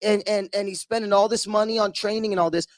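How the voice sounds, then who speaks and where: A man co-hosting a casual podcast chat, an animated storyteller who repeats words as he gets going. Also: sits high, fast talker, no room sound. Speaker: podcast co-host.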